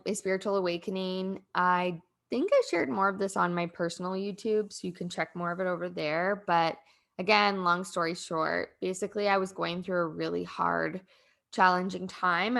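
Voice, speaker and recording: A woman's voice: fairly low pitch, gravelly, a bit bright. A young woman hosting a podcast, telling a personal story in a casual, rambling, heartfelt way, full of "like" fillers and close to tears at times. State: emotional, near tears. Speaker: podcast host.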